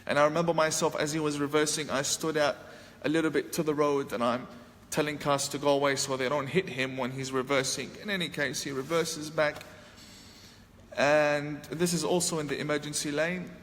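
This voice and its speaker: A man's voice: on the high side, little pitch movement, moderate pace, fairly bright tone. A man telling a personal story to an audience, acting out his own past lines with a sharply raised voice. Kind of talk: storytelling talk. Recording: long hall reverb, faint ambient noise.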